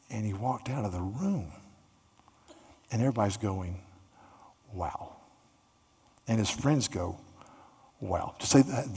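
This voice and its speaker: A man preaching a sermon, retelling a story earnestly and growing excited, with frequent restarts. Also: lowish voice, slightly rough, big-room sound. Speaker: pastor.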